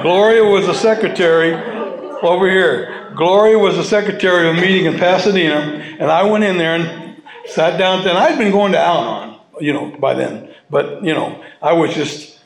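A man sharing his personal story with an audience at a recovery meeting, halting and heartfelt, restarting and repeating his words as he goes. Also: high voice. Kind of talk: personal testimony to a live audience. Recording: roomy hall sound.

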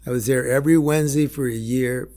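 A man's voice: mid-range voice, steady tone, fast, warm tone. A middle-aged man candidly telling a raw personal recovery story, blunt and unpolished, acting out what people said. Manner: blunt, raw storytelling with swearing and reenacted quotes. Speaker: speaker sharing a recovery story.

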